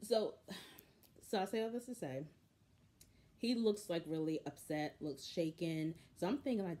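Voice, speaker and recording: Low, mellow-voiced woman dishing opinions. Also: measured pace, pauses often. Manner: animated, opinionated storytelling. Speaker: podcast host recapping a reality show. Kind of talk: casual recap commentary.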